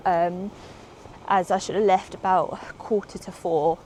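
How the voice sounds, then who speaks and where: A woman's voice: mid-range voice, steady tone, takes it slowly, dark tone, a little hiss or hum. Breathless chatty woman. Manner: chatty and rambling, with frequent ums. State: slightly out of breath from walking. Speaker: vlogger. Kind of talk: casual walk-and-talk vlog. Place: outdoors on city streets and transit. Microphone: small clip-on mic.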